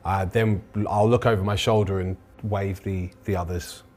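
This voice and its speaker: A man's voice: deep voice, steady tone, moderate pace, a little mellow. A man taking part as a player in a tabletop game, talking casually and hesitantly. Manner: hesitant, with fillers.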